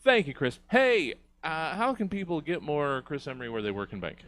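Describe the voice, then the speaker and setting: A man's voice: on the high side, animated, a little fast, a bit bright. A man hosting a comedy panel show who laughs often and keeps losing his words. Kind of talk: casual comedy panel chat.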